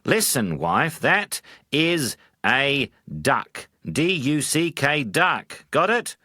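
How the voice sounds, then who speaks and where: An exasperated young husband, as a male storyteller acts him out, his voice pitched up and swinging widely as he argues. the sound is dry and close. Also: sing-song, fairly quick, a bit bright, no room sound. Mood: irritated. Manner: exasperated, blustering. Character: irritable young newlywed husband.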